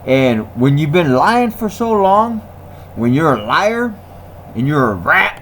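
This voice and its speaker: A man rants to camera in a slow, drawn-out way, with a slightly high voice that rises and falls a lot. He repeats his points, laughs between lines and talks in slang. A faint hiss sits under the voice. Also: very animated, fairly bright tone. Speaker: vlogger. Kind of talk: casual ranting monologue.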